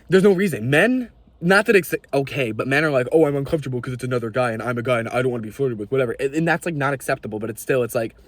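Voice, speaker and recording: A young man ranting to camera in a vlog, animated and exasperated, swearing freely. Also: medium pitch, no echo. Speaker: video creator.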